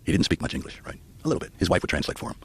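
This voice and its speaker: A man, a podcast guest, telling a story in casual chat and acting out the people in it. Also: rapid-fire. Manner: animated storyteller who acts out the people in his stories.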